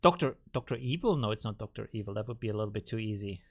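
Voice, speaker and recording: A man's voice: lowish voice, animated, very fast. A man hosting a casual live stream, musing aloud and rambling as he reacts to memes. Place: home studio in Vienna.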